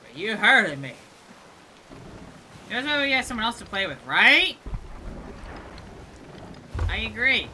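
A man comments on his own gameplay with jumpy reactions and sudden exclamations. His voice is very bright and unhurried, with wide swings in pitch. Faint noise hums behind him. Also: very animated. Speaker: gaming video host. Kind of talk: let's play commentary.

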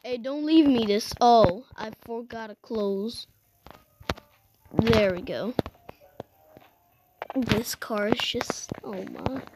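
A woman's voice: a little high, lively intonation, slow pace, pauses often, heavy background noise. A woman giving casual, rambling gameplay commentary, exclaiming often and restarting her sentences. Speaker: gamer.

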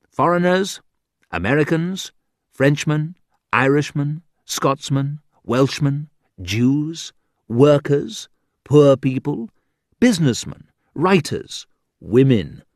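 A man reading a graded reader aloud as scripted narration, slow and deliberate, with a wide sing-song lilt. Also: mid-range voice, no room sound, clean studio sound. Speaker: audiobook narrator.

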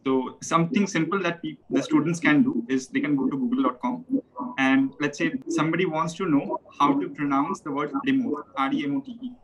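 A man's voice: fairly high pitch, brisk, husky, low-quality recording. A man with an Indian English accent, a guest in a casual conversation, explaining things carefully step by step and often restarting his sentences.

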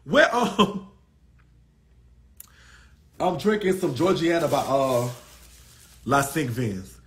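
Host, man, Southern US accent, tipsy, high, very husky voice, profane and rambling. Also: very animated, drawn-out words, fairly bright tone. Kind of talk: casual live stream chat.

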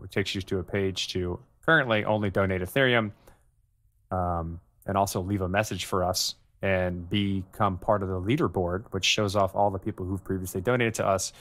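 A man hosting a podcast, talking in a relaxed, rambling way in casual chat. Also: deep voice. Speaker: podcast host.

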